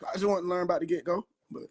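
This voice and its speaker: Animated profane man riffing on a livestream. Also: high-pitched, fast, breathy edge. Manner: animated, profane, laughing often, slangy. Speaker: livestream host. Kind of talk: casual livestream rant.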